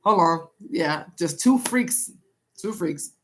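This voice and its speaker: A woman's voice: on the low side, animated, slow, fairly bright tone, slight background noise. A young woman doing a casual live-stream tarot reading, chatting with viewers and repeating herself.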